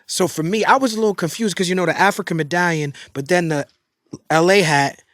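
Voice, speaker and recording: A middle-aged man hosting an interview, talking fast and enthusiastically in slangy casual speech with many restarts. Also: high voice, fairly bright tone, no echo, studio quality. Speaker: podcast host.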